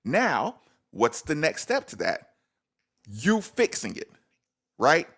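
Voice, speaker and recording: A man hosts a casual sports talk show with a lively, swooping delivery. His voice sits a bit high for a man, and he presses his points by repeating words for emphasis. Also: slow pace.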